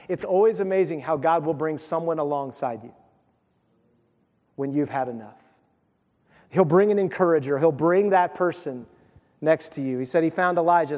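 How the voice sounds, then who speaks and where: High-voiced preacher in a reverberant hall. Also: male voice. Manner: animated storytelling, acts out voices, drops to a soft hush. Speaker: pastor. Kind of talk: sermon.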